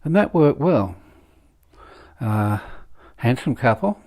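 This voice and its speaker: A man in his seventies giving a rambling casual monologue, halting and full of fillers, with dry wry humor. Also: mid-range voice, sing-song, darkish tone. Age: 70s. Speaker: vlogger.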